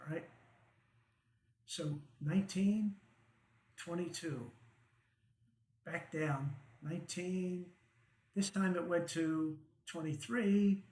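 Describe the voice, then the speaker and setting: A man's voice: on the high side, roomy sound, low-quality recording. A man hosting a stock market show, walking through charts in a casual, conversational way, often checking in with "right?" and chuckling wryly. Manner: conversational, frequent "right?" and "okay?" check-ins, wry chuckles.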